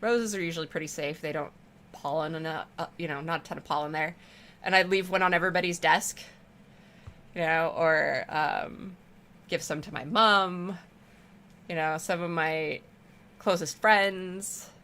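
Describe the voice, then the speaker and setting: While gaming, a woman streamer rambles warmly through casual chat, speaking to her viewers with easy affection. Her voice is bright and forward, a little low for a woman, at normal speed.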